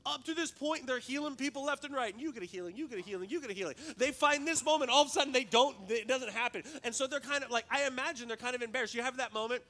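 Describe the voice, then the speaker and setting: A man's voice: extremely high pitch, very fast, hardly any pauses, sharp tone. A male pastor preaching a sermon in a conversational, joking way, often repeating words as he goes.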